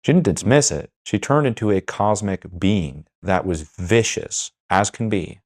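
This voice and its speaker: A man's voice: fairly low pitch, expressive, unhurried. A man hosting a podcast, talking candidly with guests, blunt and swearing freely. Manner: blunt, swears freely, acts out quoted dialogue. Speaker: podcast host.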